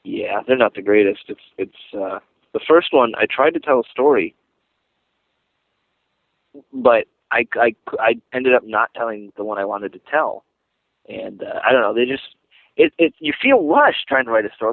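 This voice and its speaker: A man leaving a rambling, halting voicemail message full of restarts. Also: mid-range voice, animated, creaky, no echo. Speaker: voicemail caller. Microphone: phone. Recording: tinny phone line.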